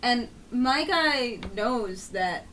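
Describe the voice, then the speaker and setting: A woman's voice: a little high, lively intonation, drawn-out words, pushed and bright, slight background noise, poor audio. A woman co-hosting a podcast in loose, casual chat that often breaks into laughter. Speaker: podcast co-host.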